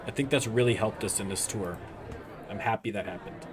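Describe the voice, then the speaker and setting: A man's voice: on the low side, a little fast, over a noisy crowd. A young Canadian man hosting a casual let's-play, rambling and joking as he plays. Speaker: gaming channel host.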